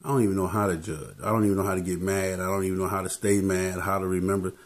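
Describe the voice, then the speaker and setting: A man's voice: low-pitched, level tone, racing. A man giving casual motivational talk as a vlogger, laid-back and tacking "man" onto his phrases.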